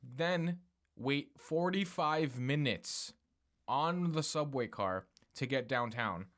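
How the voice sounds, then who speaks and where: A man co-hosting a casual podcast, talking in animated bursts, swearing often and laughing. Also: medium pitch, takes it slowly. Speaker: podcast co-host.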